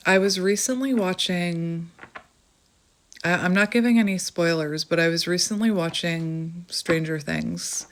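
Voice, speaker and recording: A woman chatting casually as she gives a tarot reading, laughing often and thinking aloud. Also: low voice. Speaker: tarot reader.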